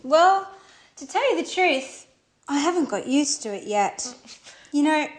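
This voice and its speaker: A woman's voice: high voice, lively intonation, measured pace. An actress playing an eager, flustered young woman in love in a scripted language-course drama. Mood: nervous.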